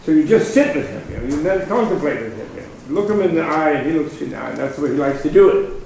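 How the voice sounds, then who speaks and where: Brief: fawning, coaxing male secretary, high-pitched, as a man tells a joke, booming echo. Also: animated, fast, creaky, a little mellow. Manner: coaxing, polite persuasion. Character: pleading, deferential male papal secretary. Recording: very echoey hall, faint noise.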